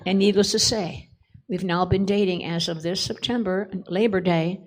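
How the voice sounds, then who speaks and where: A woman's voice: medium pitch, fairly even intonation, normal speed. Older woman, panel guest, chatty storyteller, laughs often. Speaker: conference panelist.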